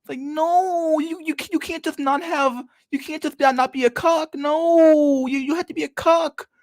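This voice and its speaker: A man's voice: extremely high pitch, steady tone, normal speed, no echo, pitched above the performer's own voice. A man mocking a whiny young guy who insists on his point again and again. The voice is raised and pushy, and the recording is dry.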